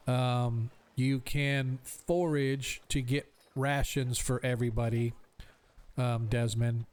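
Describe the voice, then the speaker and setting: Man as tabletop game master, smooth tone, explains rules and fills pauses with ums. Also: medium pitch, a little mellow. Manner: thinking aloud, many ums.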